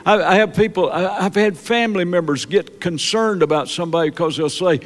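Man, preacher, sermon, slightly high-pitched, halting, repeats words, emphatic peaks. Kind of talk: sermon testimony.

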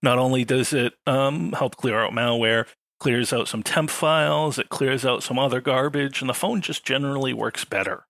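A man with a crisp, bright voice and a gravelly undertone. He explains things at a measured pace in a casual podcast discussion. His dry humor comes through now and then, and the recording sounds dry and close to the mic. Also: mid-range voice, dry recording. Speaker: podcast panelist.

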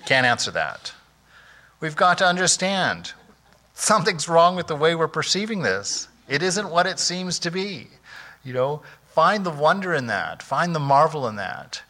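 A man, a monk, giving an informal spiritual talk in a conversational, animated way, often saying "you know" and laughing softly. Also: on the high side, a little slow.

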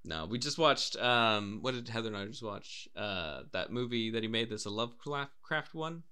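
A man's voice: on the low side, lively intonation, moderate pace, bright, forceful tone, smooth. A young man chatting casually, swearing freely and acting out voices as he tells stories. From Wales. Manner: swears freely, acts out voices and laughs while telling stories. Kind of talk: casual chat.

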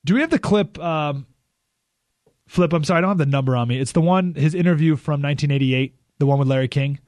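An American man hosting a talk radio show, delivering a lively monologue with sudden loud and hushed emphasis. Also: on the high side, fast, no room sound, studio quality. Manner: animated, swings between loud and hushed emphasis.

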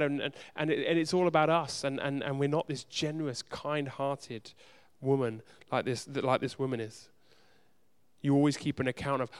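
A man's voice: fairly high pitch, fairly even intonation, a little fast, clear, resonant tone. Earnest man preaching a sermon. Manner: earnest, direct address to the congregation; shifts between loud urgency and soft hushed moments. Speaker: pastor.

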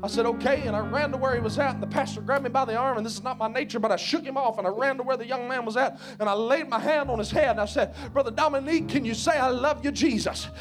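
A man preaching a revival sermon in a church, shouting his lines with a rhythmic "uh" between phrases and telling folksy stories. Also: very high-pitched, fast, few pauses, music in the background. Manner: shouted preaching punctuated by a breathy "uh"; folksy storytelling, calls himself a redneck. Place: church sanctuary.

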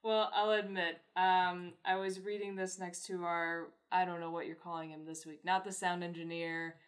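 A woman's voice: on the low side, flat delivery, normal speed. A woman co-hosting a podcast in casual chat, giving dry, short replies. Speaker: podcast co-host.

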